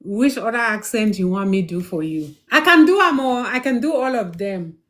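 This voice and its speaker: Animated woman answering live-stream questions. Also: mid-range voice, moderate pace. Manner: lively, laughs often, addresses viewers by name; reads questions aloud and answers them emphatically. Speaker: spiritual teacher answering viewer questions.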